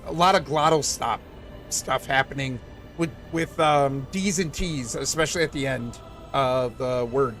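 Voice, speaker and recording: A man's voice: medium pitch, unhurried, fairly bright tone, faint music behind. A young man with a Southwest Michigan accent, chatting casually with viewers and reading chat as a streamer, rambling with many fillers. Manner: rambling, filler-heavy, reads chat aloud.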